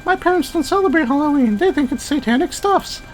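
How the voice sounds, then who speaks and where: A man voicing a cheerful, eager teenage girl in a shrill falsetto. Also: expressive, brisk, a little hiss or hum, low-quality recording.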